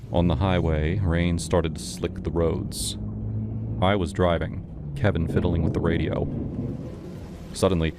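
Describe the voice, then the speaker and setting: A man narrating a first-person horror story in a measured, dramatic way. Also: low-pitched, noisy background. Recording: music playing behind.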